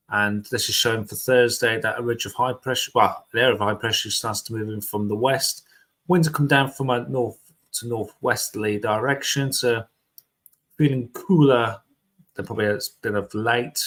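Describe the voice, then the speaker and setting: A man's voice: fairly low pitch, fairly bright tone. Laid-back man reading weather charts. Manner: laid-back, chatty, laughs often. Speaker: amateur weather presenter. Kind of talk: casual live stream chat and forecast.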